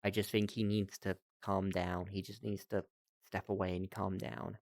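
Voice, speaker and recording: A man's voice: low voice, level tone, moderate pace, darkish tone, dry recording. A man casually commenting with wry asides and loose swearing as he reads online posts aloud. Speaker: streamer reading reddit posts.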